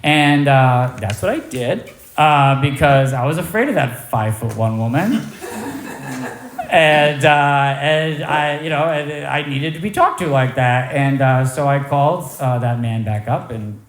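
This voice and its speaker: A man shares his recovery story at a meeting, candid and quick to poke fun at himself. His voice sits at an ordinary pitch. It rings in a roomy, echoing space. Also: slight background noise. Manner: candid, self-deprecating storytelling. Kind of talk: personal recovery testimony. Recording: echoey room.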